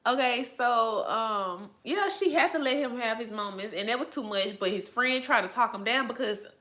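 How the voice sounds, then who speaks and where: A woman giving animated, emphatic reaction commentary on a TV episode in a casual, slangy way. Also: fairly high pitch.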